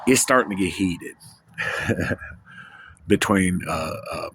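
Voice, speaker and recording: A man's voice: sits low, slow pace, a bit bright, slight background noise. A man talking to camera in a rambling personal monologue, losing his train of thought and swearing casually. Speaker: vlogger.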